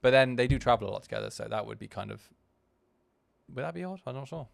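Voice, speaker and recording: Speaking fast with lively intonation and some vocal fry, this male podcast host rambles through candid, self-deprecating remarks on his own video, frequently starting over. His pitch is medium and there's no echo.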